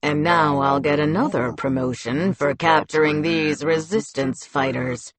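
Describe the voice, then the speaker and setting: A woman's voice: low-pitched, unhurried, pitched below the performer's own voice. A woman reading an audiobook, voicing a cold, menacing male military commander with a cutting, taunting tone. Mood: mocking.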